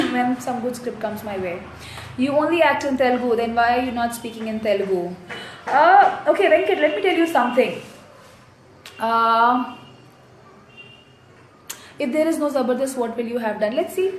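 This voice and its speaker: Chatty young woman, roomy echo. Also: fairly high pitch. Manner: reads out fan comments and replies chattily. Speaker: actress answering fans. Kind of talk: casual live fan Q&A. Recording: roomy echo, faint noise.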